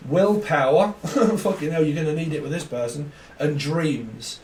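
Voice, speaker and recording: A man's voice: a little high, animated, normal speed, darkish tone, a little hiss or hum. A man giving a casual tarot reading, rambling, laughing often and swearing freely. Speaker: tarot reader. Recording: echoey room, mic at a distance.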